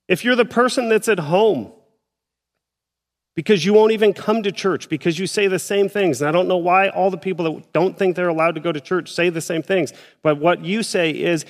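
A male pastor with a high voice preaches at normal speed in a church auditorium with a big-room sound. His sermon is conversational, and he acts out his listeners' doubts.

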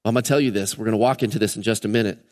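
With a low-leaning, darkish voice and a very fast delivery, a man preaches as pastor at a Sunday service in a church sanctuary. He stays earnest and emphatic, repeating key words three times over. Long church-hall reverb fills the recording.

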